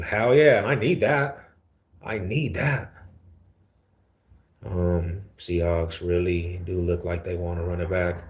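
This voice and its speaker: Answering viewers on a casual livestream, a very low-voiced man from East Denver keeps things slangy and relaxed. This Denver, USA host tosses around words like homie and fool.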